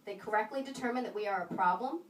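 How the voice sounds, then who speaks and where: A woman performing a stand-up comedy set, with wry, sarcastic asides and pauses before punchlines. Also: mid-range voice. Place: small comedy venue in a video store, live audience. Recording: roomy live room, mic a bit distant, audience laughter.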